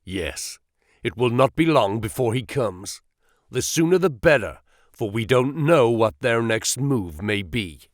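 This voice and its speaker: A gruff, sturdy old farmer who guards his daughter fiercely, as a male narrator voices him. He speaks slowly, with a wide swing of pitch. The sound is close and dry. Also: expressive, no echo, natural voice. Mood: worried. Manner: gruff and angry.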